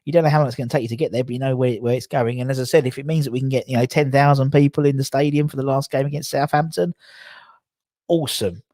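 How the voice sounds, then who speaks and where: A man's voice: medium pitch, steady tone, fast, darkish tone, no echo. A man, chatting casually on a livestream, rambling and self-correcting as he reads out viewer comments. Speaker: livestream host.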